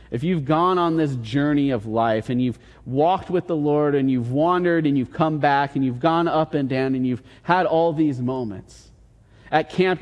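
Male preacher, conversational sermon, acts out quoted lines, a bit high-pitched, echo of a big hall. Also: darkish tone. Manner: conversational, retells scenes in quoted dialogue. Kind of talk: casual sermon with Bible storytelling. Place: church hall. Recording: long reverb in a large hall.

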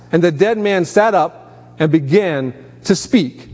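A man's voice: fairly high pitch, a little slow, darkish tone. A man preaching a sermon, emphatic, lifting his voice sharply on quoted commands. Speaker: pastor. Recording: long hall reverb.

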